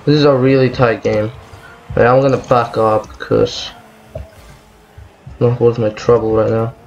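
A man's voice: mid-range voice, flat delivery, unhurried, gravelly, darkish tone, lo-fi sound, slight background noise. A man giving angry gameplay commentary, swearing and ranting about lag as he plays. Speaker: gaming video creator.

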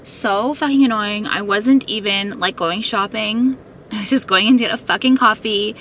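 A woman's voice: medium pitch, normal speed, fairly bright tone, slight background noise. A woman vlogger filming herself on a phone, venting to camera in an upset way, swearing often and filling her talk with "like". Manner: upset, swearing, full of 'like'. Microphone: phone held while filming.

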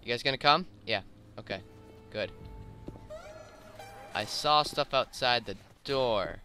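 A man talks his way through a zombie shooter at mid pitch, chatty and quick to startle, describing every step he takes. Loud game music plays behind his voice throughout. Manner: chatty, narrates his own moves, easily alarmed. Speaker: gameplay commentator. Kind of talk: casual let's-play commentary. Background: game music and gunfire.

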